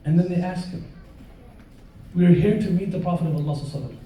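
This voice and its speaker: A man preaching to a live audience in a big hall, his voice high and mellow. It rings with heavy echo and sits some way from the microphone. He tells stories and keeps drawing the listeners in with questions and jokes. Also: rapid-fire, slight background noise. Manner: lively storyteller who questions and jokes with the audience. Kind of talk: live sermon with storytelling. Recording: very roomy echo, voice far from the mic.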